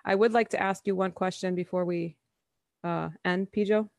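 A woman's voice: mid-range voice, steady tone, normal speed, gravelly, a little mellow, no echo, studio quality. A woman co-hosting a podcast, talking in an earnest, firm way. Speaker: podcast co-host. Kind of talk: casual podcast talk.

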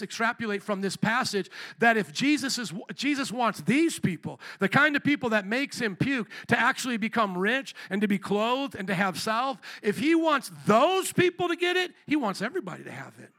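A man preaching a sermon as pastor, asking the congregation questions and acting out quoted dialogue with animated swings in pitch and loudness. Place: church.

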